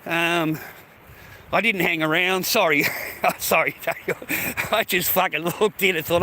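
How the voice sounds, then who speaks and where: Sweary Australian man with a high, bright voice. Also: moderate pace, a little hiss or hum. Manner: profane, repetitive, addresses viewers as mate. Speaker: live streamer. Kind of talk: rambling livestream rant.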